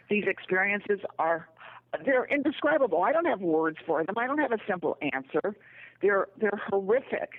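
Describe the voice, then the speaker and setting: A woman's voice: medium pitch, lively intonation, moderate pace. Earnest woman on a tinny phone line. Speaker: author and radio guest. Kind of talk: radio interview.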